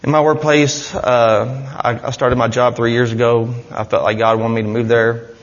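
An earnest man speaks to a church gathering, rambling through his testimony with frequent restarts. His middle-pitched voice rings out in a long-echoing hall. The recording sounds dull and muffled. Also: level tone, moderate pace. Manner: earnest, rambling, with many restarts and "you know". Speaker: church member giving a testimony. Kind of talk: personal testimony to a congregation.

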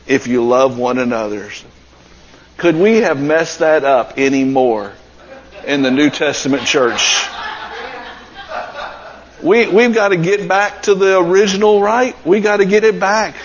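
A man's voice: a little high, lo-fi sound. A man preaching a sermon as pastor, earnest and building to emphatic passages.

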